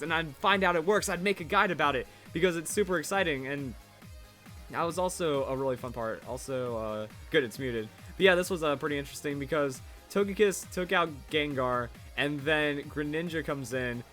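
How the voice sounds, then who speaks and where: Twenties guy rambling about his old vids, kinda high voice, faint music behind. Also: a bit bright. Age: 20s. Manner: rambling, repeats himself with verbal tics. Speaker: Pokemon YouTuber. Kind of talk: casual commentary over old videos.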